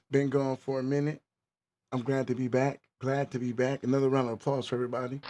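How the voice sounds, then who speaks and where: A man hosting his podcast in a relaxed livestream chat, slangy and repeating himself, with his mic turned up loud. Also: mid-range voice, normal speed, pauses often, over a noisy crowd, very noisy. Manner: laid-back, repeats phrases, slangy. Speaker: podcast host.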